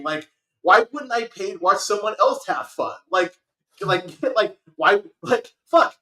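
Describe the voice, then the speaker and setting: A man with a high, bright and forceful voice rants through a movie review, swearing freely and building up steam. His podcast chat rings in a roomy, echoey space. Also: measured pace. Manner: animated, profane, ranting. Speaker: podcast host.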